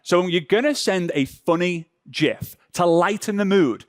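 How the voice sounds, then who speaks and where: In a close, dry recording without echo, a workshop presenter teaches with a slightly raised voice that's high, lively in intonation and unhurried. He's playful, mimicking the little reactions people have when texting.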